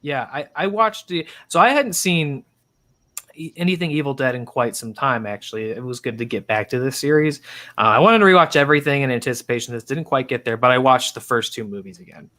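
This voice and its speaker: A man's voice: mid-range voice, animated, brisk, fairly bright tone. A man in a casual film podcast, speaking hesitantly with frequent restarts.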